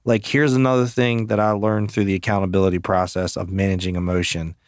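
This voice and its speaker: A male podcast host with a lowish voice talks in a blunt, emphatic way, swearing freely as he tells stories about leading people. The sound is close and dry, with no room around it. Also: level tone, a little fast, dry recording. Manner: blunt and profane, emphatic storytelling. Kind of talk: casual chat.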